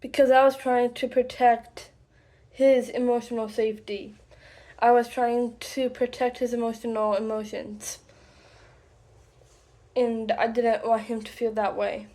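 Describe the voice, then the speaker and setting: A woman talking to the camera about something personal, slowly and haltingly, with many pauses and restarts. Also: fairly high pitch, level tone, dark tone. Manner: slow, halting, deliberate with frequent pauses and restarts. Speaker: vlogger.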